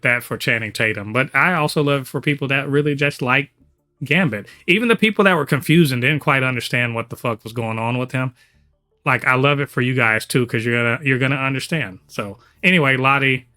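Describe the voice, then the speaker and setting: A man's voice: medium pitch, sharp tone. A man hosting a casual podcast chat, talking enthusiastically and rambling with lots of fillers. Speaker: podcast host.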